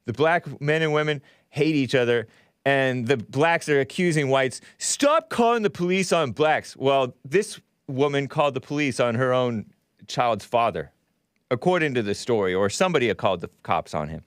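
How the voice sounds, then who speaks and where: A man's voice: mid-range voice, moderate pace, clean tone, no room sound, studio quality. A middle-aged man hosting a talk show, rambling sardonically and laughing at his own jokes. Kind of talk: solo political talk show monologue.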